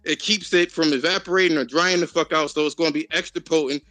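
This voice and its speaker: A man's voice: on the high side, fairly even intonation, fast talker, sharp tone, dry recording. A man hosting a casual group voice chat, talking frankly and with a lot of profanity. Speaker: host of an online voice chat.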